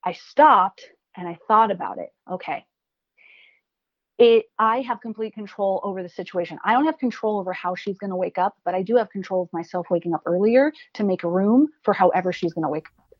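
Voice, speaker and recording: A woman's voice: mid-range voice, a little fast, no echo, dull audio. A woman in her forties talking in a reflective, earnest way and acting out quoted lines vividly. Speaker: guest. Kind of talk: casual podcast conversation.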